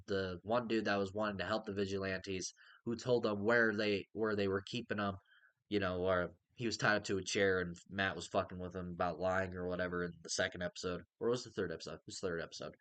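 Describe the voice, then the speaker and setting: A man's voice: on the low side, fairly bright tone, no room sound. A man giving a casual, rambling review of a TV episode, with many fillers and casual swearing. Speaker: TV show reviewer.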